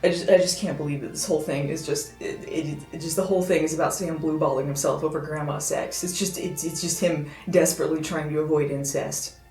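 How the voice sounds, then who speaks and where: A woman's voice: deep voice, fairly even intonation, fairly quick, warm tone. A woman reviewing a novel in a sarcastic, exasperated comic rant, stumbling over restarts. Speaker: video reviewer. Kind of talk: comedic book review. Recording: echoey room with faint music.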